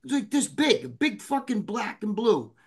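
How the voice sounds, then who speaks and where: A man chatting loudly and excitably, swearing and restarting his sentences. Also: sits high, unhurried, husky. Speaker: guest bodybuilder. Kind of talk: casual chat.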